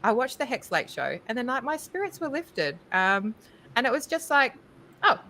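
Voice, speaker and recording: A woman talking casually on a crypto panel, chatty and animated, with many ums and likes. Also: a little high, normal speed. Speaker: crypto conference speaker. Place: livestreamed panel.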